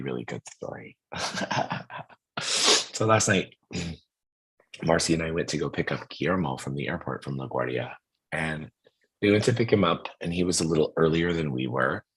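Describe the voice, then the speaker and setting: A middle-aged man with a hoarse voice, telling a story in a casual, animated way and acting out the people in it. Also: rumbling low. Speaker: host.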